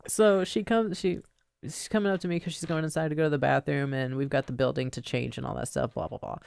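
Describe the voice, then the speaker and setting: Woman co-host chatting in a studio, kinda low voice, super dry close sound, laughs a lot while telling stories. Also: quick pace, vocal fry, smooth, no echo. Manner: animated storyteller who laughs often. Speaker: podcast co-host and pro wrestler. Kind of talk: casual storytelling chat. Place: podcast studio.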